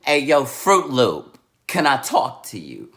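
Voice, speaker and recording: A fed-up mother, sharp-tongued and fierce, as a man puts her on for a vlog story. She talks in blunt, unhurried bursts of indignation. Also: on the high side, lively intonation, voice pushed up. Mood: indignant.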